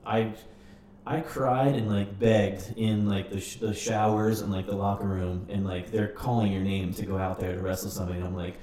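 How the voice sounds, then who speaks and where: A man in casual podcast chat, telling rambling, animated stories with swearing. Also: fairly low pitch, moderate pace, a little hiss or hum. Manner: rambling, animated storytelling with cursing. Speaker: podcast participant. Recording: roomy, distant mic with faint ambience.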